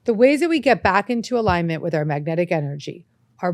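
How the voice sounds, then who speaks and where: Female host, self-help talk, lowish pitch, dry close sound, earnest delivery. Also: big pitch swings, fast talker, no echo. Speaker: podcast host. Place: studio set with lights.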